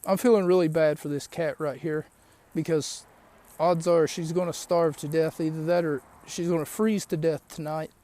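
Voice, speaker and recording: A man's voice: fairly high pitch, fairly even intonation, normal speed, mellow, dry recording. A man hosting a podcast, recapping a show in a rambling, chatty way with lots of asides. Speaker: podcast host. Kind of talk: casual recap of a wrestling show.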